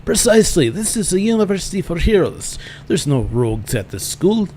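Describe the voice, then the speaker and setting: A man's voice: sits high, very animated, brisk, darkish tone, slight background noise, voice pushed up. A man voicing a stern older male rogue-class master with a put-on German accent, formal and lecturing.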